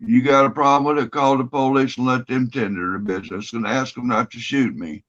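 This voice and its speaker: A man's voice: medium pitch, fairly even intonation, fairly quick, fairly bright tone. A man telling a long story in casual chat, rambling and swearing freely. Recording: dull lo-fi audio.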